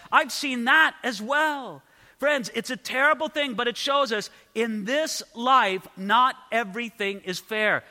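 A man's voice: high-pitched, bright, forceful tone. A man preaching an expository sermon, earnest and asking his listeners direct questions. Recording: long hall reverb.

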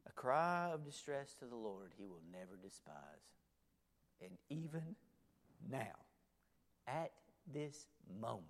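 A man preaches a sermon in a church, with a middle-range voice. He tells his stories dramatically, rising to loud exclamations and then sinking to hushed, near-whispered lines. His voice rings out with the long reverb of a large hall. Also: mid-range voice, big pitch swings, takes it slowly, long pauses. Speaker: pastor.

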